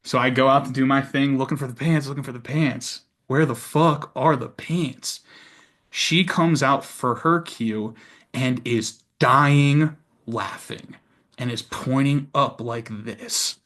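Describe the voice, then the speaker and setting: A man guesting on a podcast, an actor telling animated, profane backstage anecdotes in casual conversation. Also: medium pitch, unhurried. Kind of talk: casual storytelling.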